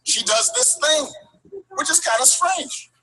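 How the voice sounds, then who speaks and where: A man giving a storytelling speech, building rhythm with repeated phrases and halting restarts. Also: very high voice, bright, forceful tone, slight background noise, poor audio. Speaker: political speaker.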